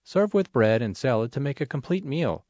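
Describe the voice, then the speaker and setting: A man reads magazine articles aloud in a scripted way, clear and measured. His pitch moves a lot, giving the reading lots of life. The sound is dry and close, with no room echo. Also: expressive, a little mellow. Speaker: reader of an audio magazine. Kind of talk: scripted read-aloud narration.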